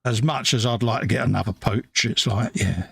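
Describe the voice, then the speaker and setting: A man's voice: lowish voice, normal speed, vocal fry, bright, forceful tone, breathy edge. A middle-aged man hosting a casual live stream, easygoing, laughing along and reading out donations. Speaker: host.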